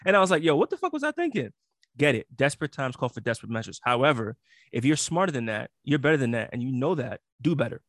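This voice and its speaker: A man's voice: medium pitch, expressive, fast talker, fairly bright tone, no echo. Man, podcast co-host, blunt, profane, lecturing, mid-range voice, dry close sound. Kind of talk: casual podcast chat.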